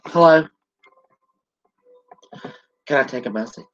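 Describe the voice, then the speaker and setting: A middle-aged woman hosting a casual live stream, chatting warmly and greeting viewers by name. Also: low voice, animated, slow, long pauses, heavy background noise. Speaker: livestream host. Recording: dull lo-fi stream audio.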